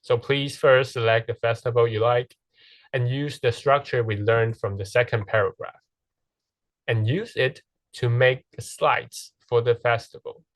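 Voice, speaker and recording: A man's voice: medium pitch, fairly even intonation, a little slow, no room sound. Teacher guy, walks through grammar step by step, keeps asking right? okay?, dry close mic. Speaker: English teacher. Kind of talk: recorded classroom lesson.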